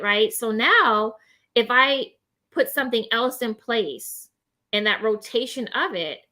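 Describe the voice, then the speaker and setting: Bright, animated woman chatting. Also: fairly high pitch, slow pace. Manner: animated, laughs often, many "right?" tags. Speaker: host; gives advice to people with depression. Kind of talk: casual chat about mental health.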